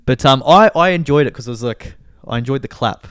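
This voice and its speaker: An easygoing man co-hosting a casual podcast, his voice at an ordinary middle pitch and recorded dry and close. He talks loosely, often repeating words as he finds them. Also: animated, fairly quick, fairly bright tone, smooth, no echo. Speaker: podcast co-host. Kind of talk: casual chat.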